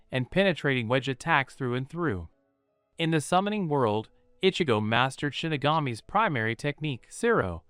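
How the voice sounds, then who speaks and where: Male narrator, smooth and lively, dry close sound, steady story reading. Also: medium pitch, no room sound. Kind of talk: scripted narration of a fan story.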